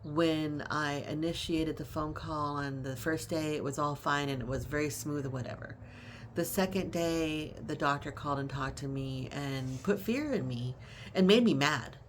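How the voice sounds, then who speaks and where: A woman's voice: deep voice, normal speed, a little hiss or hum. A middle-aged woman who cares for her mother tells her story in a casual vlog, with emphatic, conversational retelling. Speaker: family caregiver.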